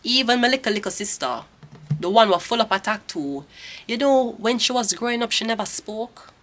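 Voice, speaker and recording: Blunt, bright-voiced Jamaican woman. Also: a little high, expressive, normal speed. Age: 30s. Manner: blunt, profane, ranting. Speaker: tarot reader. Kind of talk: casual tarot reading.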